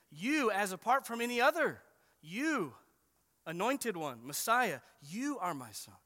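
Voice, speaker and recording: A man preaching an expository sermon, emphatic and slowing down to stress the verses he quotes. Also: sits high, pushed and bright. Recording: long hall reverb.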